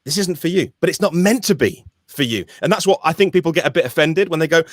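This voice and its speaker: Animated man on a podcast. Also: on the high side, fast, hardly any pauses, dry recording, clean studio sound. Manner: animated, emphatic, restarts often. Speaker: podcast co-host. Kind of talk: casual podcast chat.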